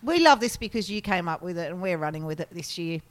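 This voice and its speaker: A woman's voice: on the low side, expressive. Blunt, sweary woman. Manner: blunt, sweary, quick wit. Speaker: podcast co-host. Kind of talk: casual chat.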